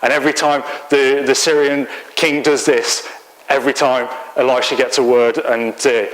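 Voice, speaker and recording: A man's voice: mid-range voice, flat delivery, moderate pace, poor audio. A man with an English accent preaching a sermon in church, telling a Bible story conversationally with light humor.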